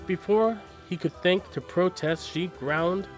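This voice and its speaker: A man's voice: high-pitched, measured pace, soft background music. Man reading a novel aloud on stream. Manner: casual, stops for asides and laughs at slips. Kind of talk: live-stream read-aloud narration.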